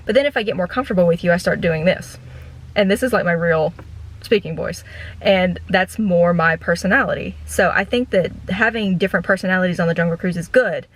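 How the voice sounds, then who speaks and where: Woman in her 30s, deadpan storyteller, rambly car vlog chat, filler-heavy. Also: fairly low pitch, moderate pace, low-quality recording. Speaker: vlogger and former theme park ride guide.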